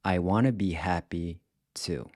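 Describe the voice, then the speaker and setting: A man teaching a language lesson in a scripted, careful way, repeating words slowly to show how they are said. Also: deep voice, a little mellow, no room sound, clean studio sound. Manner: slow, careful, demonstrates pronunciation by repeating words.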